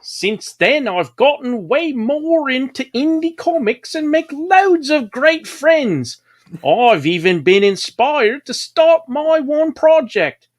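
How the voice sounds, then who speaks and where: A man reading a viewer's comment as a cheery male comics fan, in a high, sing-song mock Bristolian English accent. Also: big pitch swings, slow, full character voice. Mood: chirpy. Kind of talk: reading a chat comment in a put-on voice.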